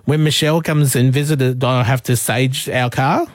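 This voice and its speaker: A man's voice: medium pitch, fairly even intonation, moderate pace, no room sound, clean studio sound. A man hosting a radio show, telling a story in casual chat. He laughs often and acts out the people he quotes. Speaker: radio host.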